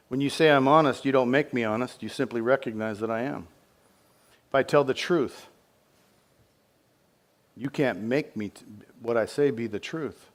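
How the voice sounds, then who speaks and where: A middle-aged man preaching a sermon as pastor, with emphatic repeated phrases, swinging from loud passion to hushed intensity. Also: medium pitch.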